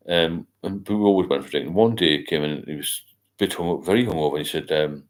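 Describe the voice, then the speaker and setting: A man's voice: sits low, a little fast. An older man, hosting a casual late-night livestream and rambling as he reads out viewer comments. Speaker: livestream host.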